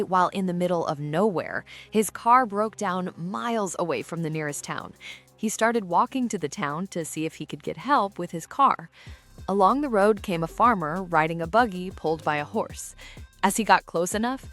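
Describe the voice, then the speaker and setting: A woman narrating clean jokes in an even, scripted storytelling way. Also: lowish voice, moderate pace, faint music behind. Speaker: joke narrator.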